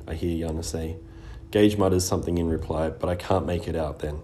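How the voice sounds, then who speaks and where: Steady male audiobook narrator, deep and mellow. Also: brisk, slight background noise. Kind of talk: scripted first-person narration.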